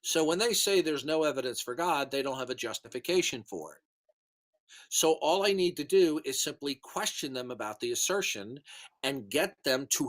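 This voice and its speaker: Man, mid-pitched, lecturing, scornful, repetitive, hiccuping, voice chat. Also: a bit bright. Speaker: Christian apologist in voice chat. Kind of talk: casual voice chat monologue. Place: online voice chat.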